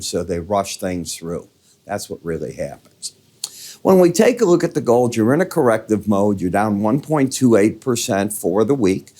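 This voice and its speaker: An older man with a Midwestern American accent and a low, dark voice gives market commentary. He walks through charts in a chatty, conversational way, dropping folksy asides.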